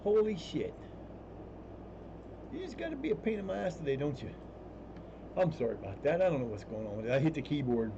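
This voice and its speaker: A man's voice: fairly high pitch, fairly quick, pauses often. A man streaming live from home, chatting casually, swearing freely and grumbling at his equipment. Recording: muffled stream audio with steady noise.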